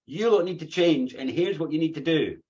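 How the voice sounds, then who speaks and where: A man's voice: a little high, fairly quick, darkish tone, dull audio, pitched above the performer's own voice, natural voice. A man voicing a zealous, self-righteous crusader who demands change. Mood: indignant. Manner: demanding, ranting.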